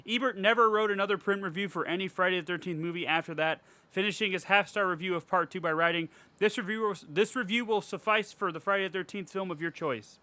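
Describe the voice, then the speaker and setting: A man's voice: sits high, fast, few pauses, sharp tone, no echo. A man hosting a casual podcast chat, profane and ranting, often laughing as he reads out and mocks reviews. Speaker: podcast host.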